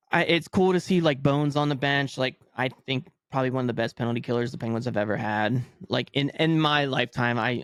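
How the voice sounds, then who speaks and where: Gravelly, excitable young man chatting hockey. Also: medium pitch, no room sound. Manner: excitable, rambling, laughs often. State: yawning, sleepy. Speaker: podcast host. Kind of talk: casual solo sports chat.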